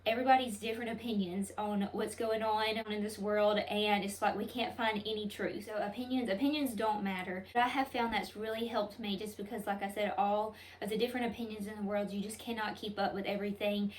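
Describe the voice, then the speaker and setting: A woman talks to her viewers in an earnest, heartfelt way, often saying "y'all." Her voice sits at a middle pitch. She sounds a little distant from the microphone. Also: steady tone, brisk, hardly any pauses. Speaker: home decor vlogger. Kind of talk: casual heartfelt talk to camera.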